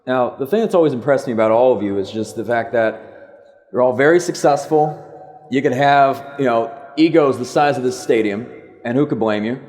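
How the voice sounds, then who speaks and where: A man's voice: mid-range voice, normal speed, darkish tone. A man hosting a live panel discussion, asking questions in a curious and encouraging way. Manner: curious, encouraging, asks follow-ups. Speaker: podcast host, moderator.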